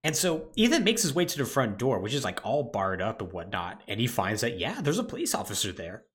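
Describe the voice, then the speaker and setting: A man's voice: medium pitch, wildly swooping pitch, fairly quick, a bit bright. A man co-hosting a podcast, casually recapping a video game's story and briefly acting out the characters' lines. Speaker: podcast co-host. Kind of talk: casual game recap chat.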